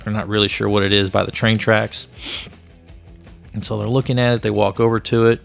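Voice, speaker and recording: Gravelly low-voiced man recapping a comic. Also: a little fast, faint music behind. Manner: animated storyteller who acts out the characters' lines. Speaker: comic book podcast host. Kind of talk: casual retelling of a comic story.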